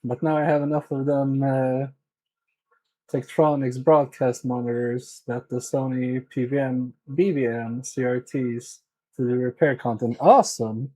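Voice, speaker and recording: Man from Sweden, livestream repair host; dark, slightly husky voice, casual, half-talking to himself. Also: mid-range voice, level tone, a little slow, poor audio. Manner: chatty, muttering to himself and to chat. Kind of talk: casual live-stream chat while working.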